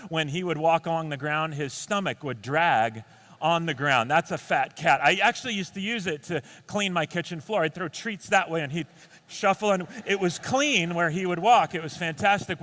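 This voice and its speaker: A male comedian tells a story on stage with a high, bright voice. His delivery is animated and full of quick restarts. The tone is sharp and lively. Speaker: stand-up comedian. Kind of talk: comic storytelling.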